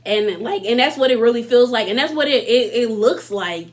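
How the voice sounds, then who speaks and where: A young woman in her twenties recaps a reality show episode in a casual, slangy way, speaking directly to viewers. Her voice is a little high with lively intonation at normal speed, and she mocks cast members' lines in put-on voices.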